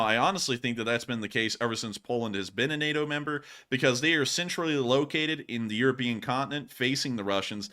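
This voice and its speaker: A man's voice: medium pitch, pushed and bright. A man hosting a live-streamed war news show, answering viewer questions in casual chat, laughing often and joking loosely.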